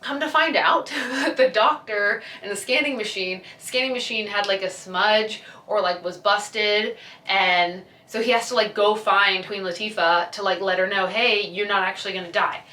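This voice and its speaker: A woman's voice: medium pitch, a little slow, sharp tone. A young woman, chatting casually and gushing as she retells a film, acting out the lines. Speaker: vlogger. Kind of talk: casual chat. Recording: echoey room, a bit far from the mic.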